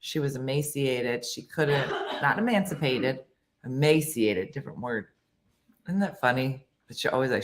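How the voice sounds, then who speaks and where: A middle-aged woman hosting a casual morning show with a hoarse voice and a lingering cough, who chats in a rambling, self-mocking way and laughs often. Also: very deep voice, expressive, normal speed. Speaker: host. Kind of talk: casual morning show chat, reading viewer comments.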